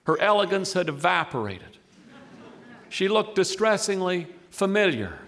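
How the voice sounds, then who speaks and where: A man reading a humorous story aloud with a wry, deadpan delivery. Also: sits high, measured pace.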